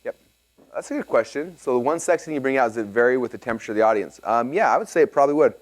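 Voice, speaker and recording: A man teaching a live seminar to an audience and taking their questions, energetic and excitable, often checking in with "okay?". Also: medium pitch, racing. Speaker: seminar presenter.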